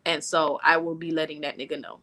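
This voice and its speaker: A woman's voice: low-pitched, level tone, brisk, a bit bright. A woman co-hosting a casual chat show, telling candid stories in a blunt and profane way. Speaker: co-host.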